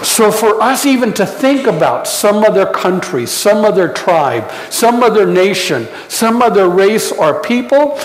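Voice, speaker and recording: A man with a high voice delivers a sermon at an unhurried pace. He preaches in a reflective way and leaves pauses between phrases. His voice rings through a roomy space with a long reverb tail. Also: big pitch swings, a little hiss or hum. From United States. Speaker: pastor.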